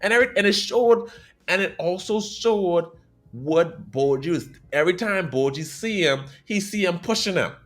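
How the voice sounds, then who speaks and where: Male podcast host, lively up-and-down delivery, casual anime chat, faint music underneath. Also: high-pitched, normal speed. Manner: animated storyteller, swings between loud and quiet.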